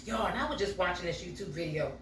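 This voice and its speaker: A woman's voice: fairly low pitch, animated, quick pace, slight background noise. Chatty woman in an echoey kitchen. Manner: chatty, talks straight to viewers as y'all. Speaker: home baking vlogger. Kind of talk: casual chatty vlog while baking. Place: home kitchen. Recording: echoey kitchen, mic from far off.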